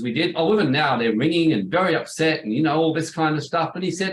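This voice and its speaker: A man's voice: fairly high pitch, fast, hardly any pauses, roomy sound, slight background noise, rough recording. A middle-aged man, a business coach telling a story in a casual interview and acting out the people he quotes. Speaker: business coach, former law firm owner.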